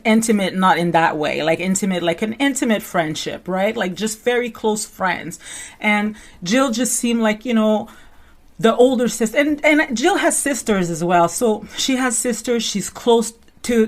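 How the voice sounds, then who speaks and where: Rambling, chatty woman commentator. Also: medium pitch. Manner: rambling and conversational, full of "you know" and "like"; animated storyteller who acts out quotes. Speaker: reality TV commentary host. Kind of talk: casual unscripted commentary.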